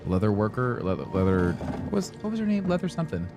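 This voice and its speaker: A man's voice: lowish voice, big pitch swings, quick pace, music in the background. A young man streaming a game live, rambling and joking about what's on screen with sing-song asides. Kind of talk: live gameplay commentary.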